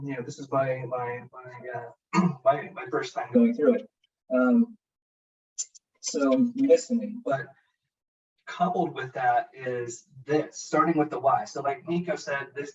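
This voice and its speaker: A man with a medium-pitched, slightly mellow voice gives a casual testimonial on a video call from home, describing how a leadership course helped him as a program participant. He rambles and repeats words, a siren sounds outside, and the call audio is distant and dull.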